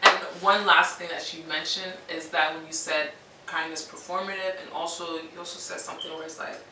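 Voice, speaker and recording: A woman's voice: sits low, steady tone, a little fast, noisy background. A woman in her twenties co-hosting a casual chat, reasoning her thoughts aloud with slang. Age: 20s. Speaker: co-host. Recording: roomy echo from far off.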